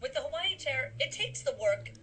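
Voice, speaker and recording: A woman's voice: high voice, sing-song, moderate pace, bright, forceful tone. Bubbly woman in a product demo clip. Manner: bubbly, laughing while demonstrating. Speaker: infomercial presenter.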